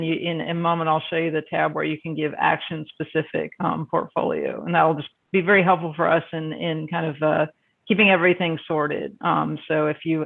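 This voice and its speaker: Man, somewhat high, gravelly, presenting a form to colleagues on a call; halting, full of "um" and restarts; thin phone-like audio. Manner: halting, many fillers and restarts. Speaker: meeting presenter. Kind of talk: walking through a spreadsheet on a video call. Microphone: video call. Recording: phone-like band-limited video call audio.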